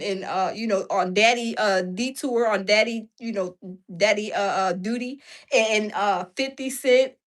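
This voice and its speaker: A woman hosting a live stream, chatting animatedly with her viewers and often breaking into laughter. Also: a little high. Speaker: livestream host. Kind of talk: casual live-stream commentary.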